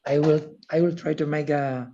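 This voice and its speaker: A man's voice: a little high, fairly even intonation, moderate pace, mellow, slight background noise. Man from Spain, Spanish accent, asks a seminar question in careful, apologetic English over a dull remote line. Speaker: visiting professor asking a question.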